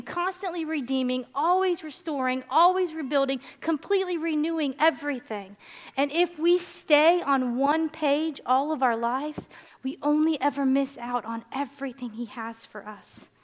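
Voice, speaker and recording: A woman preaching a sermon in a church, telling a personal story with animated, excited peaks. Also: high-pitched. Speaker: pastor. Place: church sanctuary. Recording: long hall reverb.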